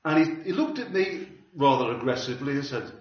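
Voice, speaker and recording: A man preaching a sermon, telling a story with wry humor and lively delivery. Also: a little high, fairly quick. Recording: roomy hall from a distance, dull sound.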